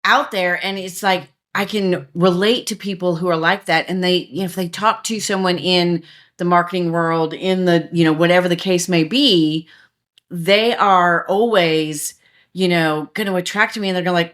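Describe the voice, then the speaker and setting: A woman's voice: on the low side, steady tone, moderate pace, a bit bright. A woman, a digital marketer, talking chattily as a podcast guest, telling stories with many restarts. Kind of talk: casual podcast interview.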